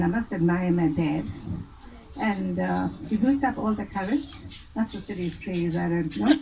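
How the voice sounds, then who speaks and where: A South African woman speaks to her gathered relatives, hesitant and pausing often on fillers. She sits at a middle pitch and is recorded on a phone from a distance, with clear background noise around her. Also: warm tone. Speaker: family member giving a reunion speech. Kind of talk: informal speech to family. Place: outdoor family gathering.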